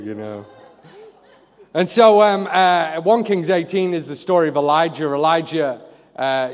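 A man from northeast England with a northeast English accent, preaching a lively, joking sermon. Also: medium pitch. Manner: lively, joking, animated storytelling. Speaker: pastor and charity leader. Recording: reverberant hall.

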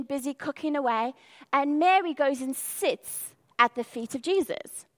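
After a perfume lamp demonstration at the start, a woman with a high, slightly bright voice delivers a sermon. She tells the story with feeling, and her performance of the quoted speech grows more intense as it goes.

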